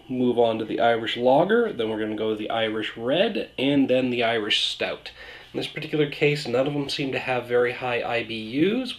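A man hosting a beer review vlog, talking in a relaxed, rambling, self-deprecating way. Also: lowish voice, vocal fry. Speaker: beer reviewer, channel host.

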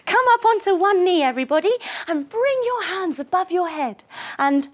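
A woman's voice: very high-pitched, animated, moderate pace. A woman leading a children's yoga class through a story, giving encouraging instructions and making playful sound effects.

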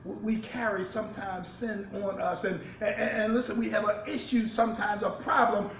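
A man's voice: high-pitched, flat delivery, moderate pace, creaky, fairly bright tone, roomy sound, recorded from a distance, slight background noise, rough recording. A man, a pastor, preaching a sermon with rising fervor and repeated restarts.

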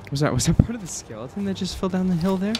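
A man's voice: high voice, expressive, racing, background noise. A man casually commenting while playing a video game, joking and talking back to the characters on screen. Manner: jokey, chatty, talks to the game characters. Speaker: gamer playing through a game. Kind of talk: let's play commentary. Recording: game music playing underneath. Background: game music.

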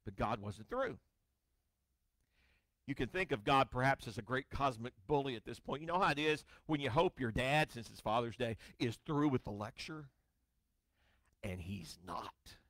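A male pastor preaching a sermon, reading scripture dramatically with wry storytelling asides, his voice swinging from booming to hushed. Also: expressive, moderate pace, no room sound. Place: church sanctuary.

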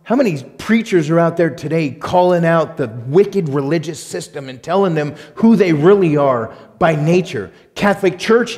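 A male pastor preaching a sermon and reading scripture aloud, emphatic, swinging between loud punched lines and quiet asides. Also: a little high, lively intonation, normal speed, long reverb tail. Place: church sanctuary.

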